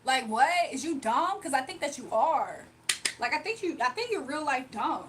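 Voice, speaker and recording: A woman's voice: sits high, very animated, moderate pace, far from the mic, background noise. A woman livestreaming a card reading, ranting bluntly to her chat with repetitive rhetorical questions. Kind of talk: heated livestream rant to chat.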